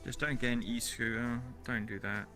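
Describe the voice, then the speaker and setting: A man's voice: mid-range voice, fairly even intonation, moderate pace, sharp tone, faint music behind. A man chatting casually with a streamer, laid-back, often answering with short agreements. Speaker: friend on stream. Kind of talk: casual chat.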